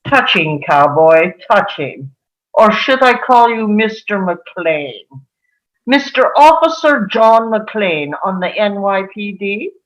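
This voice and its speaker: A man's voice: sits high, lively intonation, slow, fairly bright tone, lo-fi sound, exaggerated voice. An actor at a table read, playing a cold male terrorist leader in a dry, sardonic manner. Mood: mocking.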